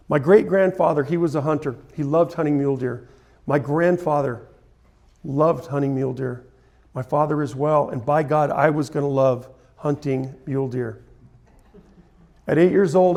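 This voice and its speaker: A man in his forties speaks from a conference stage about his own life. He tells his stories in an earnest, emotional way. His voice sits a little on the high side. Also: darkish tone. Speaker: photographer giving a talk. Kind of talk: storytelling presentation. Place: conference hall.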